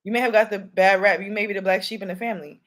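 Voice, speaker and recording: Woman, spiritual reader, casual rambling talk, calls viewers y'all, mid pitch. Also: fairly even intonation, racing. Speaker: spiritual reader and channel host. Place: home room with candles.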